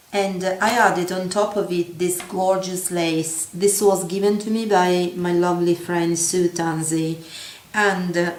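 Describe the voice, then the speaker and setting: Gentle woman showing her craftwork. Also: fairly low pitch. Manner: gentle, halting, many fillers and self-corrections. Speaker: craft vlogger. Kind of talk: show-and-tell craft video. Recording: echoey room with faint ambience.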